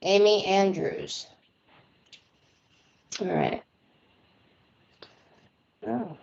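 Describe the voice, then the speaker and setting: A woman's voice: mid-range voice, huge pitch swings, drawn-out words, gravelly, a little mellow, highs cut off. An American woman reading palms on a live stream in a chatty, rambling way, often laughing as she talks. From United States. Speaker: palm reader and tarot reader. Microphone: remote internet connection.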